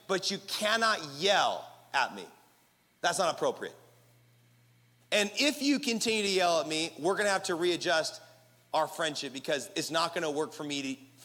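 Bright-voiced young pastor preaching. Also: male voice, sits high. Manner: animated, playful asides to the congregation. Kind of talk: sermon. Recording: reverberant hall.

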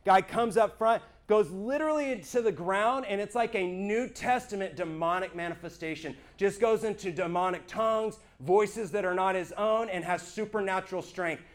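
A high-voiced man earnestly tells his church testimony to a small group, animated throughout and repeatedly checking that his listeners follow him. He talks at a moderate pace with hardly any pauses.

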